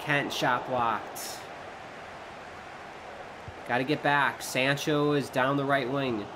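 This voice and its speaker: A man giving casual play-by-play commentary while playing a football video game, excitable and prone to shouting when chances come. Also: mid-range voice, slow, noisy background. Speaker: gaming YouTuber.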